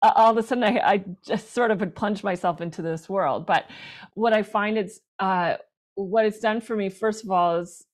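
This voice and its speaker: A woman flute player, a professional performer and teacher, chatting in an interview, animated and talkative with lots of restarts. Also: medium pitch, moderate pace. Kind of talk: casual interview chat.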